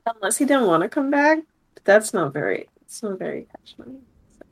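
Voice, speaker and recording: A woman's voice: on the high side, big pitch swings, a little fast, low-quality recording. A woman player in a tabletop game, tentative and thinking aloud.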